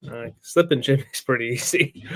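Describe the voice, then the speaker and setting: A man with an average-pitched voice co-hosts a relaxed TV review chat. He talks in an easygoing, jokey way, tossing in quick asides and references. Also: no echo. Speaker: podcast co-host.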